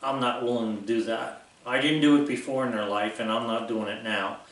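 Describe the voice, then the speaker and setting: A man's voice: medium pitch, steady tone, fairly quick, fairly bright tone. Blunt older man in an echoey room. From United States. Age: 60s. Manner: blunt, rambling, lecturing. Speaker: vlogger. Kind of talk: unscripted monologue to viewers. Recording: very echoey room, distant mic.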